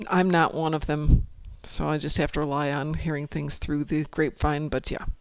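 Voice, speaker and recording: A man with a raised, gravelly voice hosts a gaming stream, rambling through chat messages and side stories. The sound is close and dry, with no room around it. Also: a little high, level tone, moderate pace, dry recording. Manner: chatty, reads out chat messages, rambling asides. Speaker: streamer host.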